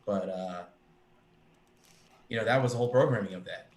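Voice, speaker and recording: A man's voice: fairly low pitch, moderate pace. A man chatting casually on a live stream, rambling and swearing, with many restarts. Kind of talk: casual chat. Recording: echoey room with faint ambient noise.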